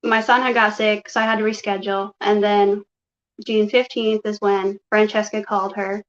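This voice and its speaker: A woman's voice: mid-range voice, little pitch movement, moderate pace, slight background noise. A woman guest telling her personal story in a rambling way, retelling conversations with "he's like" and "I'm like". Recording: dull, muffled lo-fi audio.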